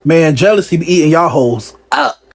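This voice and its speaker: A man riffs in casual reaction commentary, his voice pitched high and leaping wildly up and down. He mocks what he is reacting to and breaks into laughter often. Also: normal speed. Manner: animated, mocking, laughs often.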